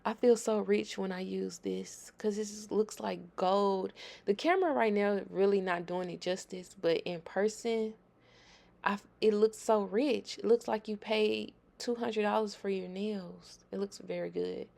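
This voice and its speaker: Woman, gravelly voice, chatty nail tutorial voice-over, talks straight to viewers. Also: medium pitch, a little slow, darkish tone. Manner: chatty, emphatic, addresses viewers directly.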